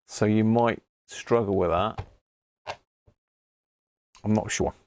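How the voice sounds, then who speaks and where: Male stream host, lowish voice, dry close sound, chatty and rambling as he answers viewers. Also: steady tone, slow pace, a little mellow, dry recording. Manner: chatty, rambling, with restarts while reading chat aloud. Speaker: host of a radio-hobby live stream. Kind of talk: casual live-stream chat answering viewers.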